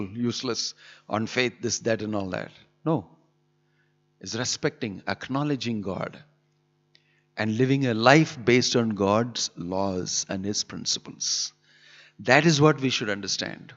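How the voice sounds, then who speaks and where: A man giving an emphatic scripture sermon in a temple hall, pressing his points with rhetorical questions. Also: mid-range voice. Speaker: preacher. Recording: dull lo-fi hall recording with long reverb.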